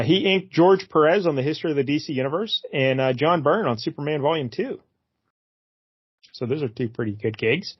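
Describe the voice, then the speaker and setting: Man, podcast co-host, relaxed and joking, slightly high voice, dry dull recording. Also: husky, no echo. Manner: relaxed, joking, quick to laugh. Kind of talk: casual chat retelling a comic.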